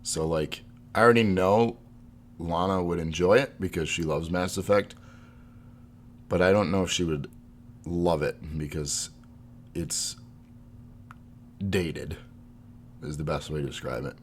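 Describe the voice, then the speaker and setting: A man's voice: sits low, measured pace, pauses often, slight background noise. A man co-hosting a podcast in casual chat, rambling and laughing often. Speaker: podcast co-host.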